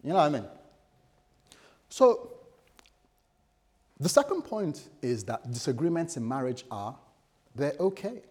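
A man's voice: on the high side, very animated, unhurried, pauses often, a little mellow, husky. Playful, chatty male preacher. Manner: conversational, playful, acts out little scenes. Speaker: pastor. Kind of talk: sermon.

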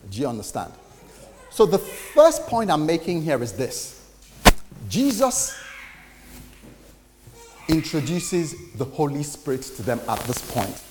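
Man, pastor, conversational sermon, slightly high voice, long hall reverb, faint background noise. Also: big pitch swings, slow pace, pauses often, darkish tone. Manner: conversational preaching with acted-out quotes.

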